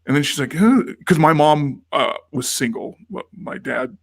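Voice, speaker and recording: A man's voice: medium pitch, steady tone, moderate pace, fairly bright tone, slightly rough, no echo, studio quality. A man co-hosting a podcast in casual chat, telling a rambling story and acting out the quoted lines of the people in it. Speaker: podcast co-host.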